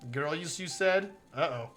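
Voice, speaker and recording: A man's voice: fairly high pitch, expressive, very slow, a bit bright, soft background music, full character voice. A man reading as a fussy, doting mother. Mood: teasing. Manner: doting, teasing, checks up on her son. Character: caring, fussy middle-aged mother on the phone. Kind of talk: reading a visual novel aloud on stream.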